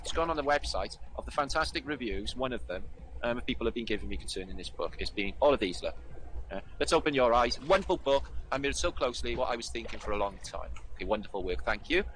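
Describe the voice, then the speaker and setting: Casting: a male livestream host, quick and bouncy in pitch, sardonic and sweary. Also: a bit bright, slight background noise, rough recording. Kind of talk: casual livestream commentary.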